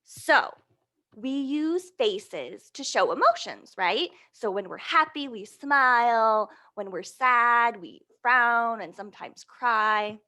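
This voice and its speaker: A woman leading a children's storytime, animated and prompting her young listeners with questions. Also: on the high side, takes it slowly. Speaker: storytime reader.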